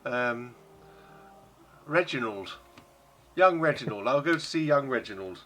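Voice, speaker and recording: A man's voice: mid-range voice, lively intonation, unhurried, pushed and bright. A man narrating as game master and voicing the innkeeper, rambling and full of ums. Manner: rambling, many ums and restarts.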